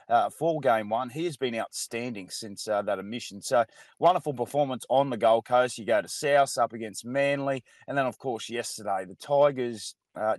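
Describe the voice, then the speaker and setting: A man with an Australian accent, co-hosting a sports radio show, giving measured analysis full of "uh" fillers. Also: mid-range voice, a little mellow, no room sound.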